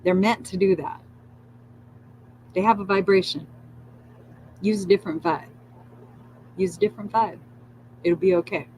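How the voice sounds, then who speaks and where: A woman's voice: mid-range voice, fairly even intonation, moderate pace, pauses often, darkish tone, slight background noise, low-quality recording. Soothing woman guiding a spiritual livestream. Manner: soothing, repetitive affirmations with swearing and laughter. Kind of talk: live spiritual guidance talk.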